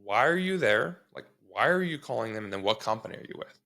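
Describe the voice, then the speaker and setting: Guy coaching sales reps, gravelly voice, blunt, swears a lot, keeps saying okay?. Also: medium pitch, big pitch swings, fast, sharp tone. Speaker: sales trainer. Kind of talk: casual training talk.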